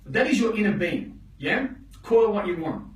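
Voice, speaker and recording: A man's voice: sits high, very animated, normal speed, roomy sound, distant mic, poor audio. A man teaching a live motivational session, preachy and blunt, often checking in with his listeners and swearing for emphasis. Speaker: motivational coach.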